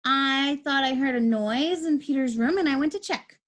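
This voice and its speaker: A woman voicing a mischievous, greedy young boy in a storybook reading, sounding sneaky and excitable. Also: sits high, normal speed, lightly acted. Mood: scheming.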